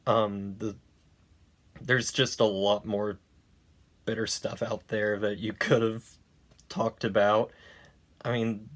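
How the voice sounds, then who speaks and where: A man talks through a movie review in an unhurried way, wry and a little sarcastic. He rambles, trips over his words and restarts his sentences, and his voice sits at an ordinary mid pitch. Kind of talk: casual spoken review.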